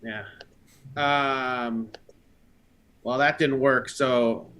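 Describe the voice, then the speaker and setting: A man's voice: mid-range voice, steady tone, fairly bright tone, smooth. A man playing a tabletop game with friends, talking casually, swearing and laughing at his rolls. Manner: casual and profane, quick to laugh. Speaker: player.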